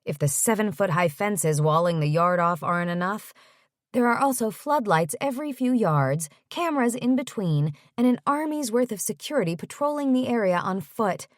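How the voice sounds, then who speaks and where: A woman narrating a first-person romance audiobook in a wry, brisk manner. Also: mid-range voice, lively intonation, dry recording, clean studio sound.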